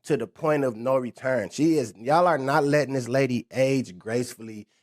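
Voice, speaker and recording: A man's voice: medium pitch, normal speed. A young man ranting on a livestream, stammering and restarting his phrases, breaking off to laugh. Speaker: rapper on a livestream. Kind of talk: rambling livestream rant.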